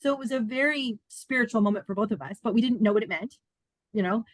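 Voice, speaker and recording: A woman's voice: fairly high pitch, fast talker, no echo. Earnest chatty woman telling her story. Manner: animated, earnest, chatty with many fillers. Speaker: podcast guest. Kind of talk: personal storytelling in conversation.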